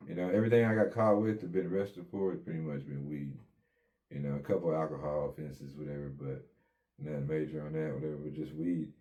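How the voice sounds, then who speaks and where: A man's voice: very deep voice, fast talker, warm tone. A man casually telling his own story in an interview, in laid-back street slang with plenty of swearing, acting out what people said.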